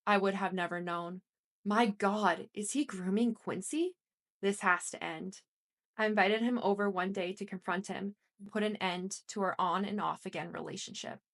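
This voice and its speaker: A woman reading a first-person story aloud as an audiobook narrator, in a plain, steady manner. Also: mid-range voice, normal speed.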